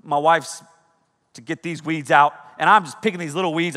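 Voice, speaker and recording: A man in his thirties preaching a sermon, telling stories with energy that swings from loud bursts to hushed, serious points. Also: on the high side, steady tone, moderate pace. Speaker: pastor. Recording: long hall reverb.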